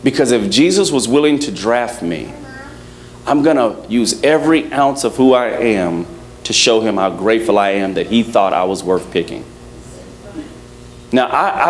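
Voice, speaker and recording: Playful male preacher. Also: medium pitch. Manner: playful, acts out quotes, laughs with congregation. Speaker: pastor. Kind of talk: sermon. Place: church service.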